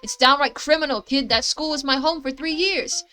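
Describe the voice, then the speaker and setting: A woman's voice: high-pitched, moderate pace, bright, forceful tone, pitched above the performer's own voice. A woman voicing a tough, streetwise teenage girl rapper who talks bluntly in slang. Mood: fired up.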